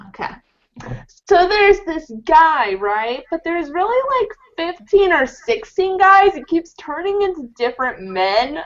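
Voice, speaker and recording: A young woman rambling through comedic casual chat, animated and slipping into silly voices. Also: high-pitched. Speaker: podcast regular. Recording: muffled lo-fi recording.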